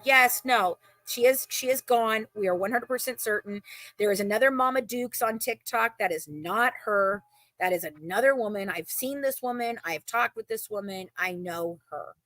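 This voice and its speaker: A woman's voice: on the high side, moderate pace, a bit bright, no room sound. A woman talking emotionally and emphatically in a casual chat, often repeating herself.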